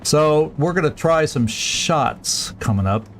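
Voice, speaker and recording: A man's voice: fairly high pitch, lively intonation, slow pace, soft background music. A man streaming a strategy game, thinking aloud through each move with plenty of fillers and restarts. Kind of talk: casual let's-play commentary.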